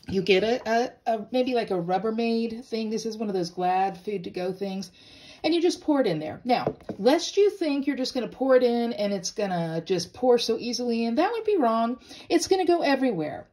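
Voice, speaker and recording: A woman's voice: medium pitch, dark tone. A woman hosting a casual craft demonstration, playful and bubbly with self-deprecating jokes. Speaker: craft tutorial host.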